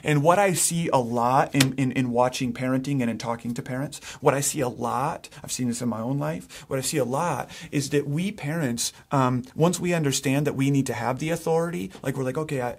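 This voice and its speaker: A man's voice: mid-range voice, husky. A middle-aged man, a pastor, preaching a sermon in a casual, conversational way, often restarting his sentences and acting out what parents say.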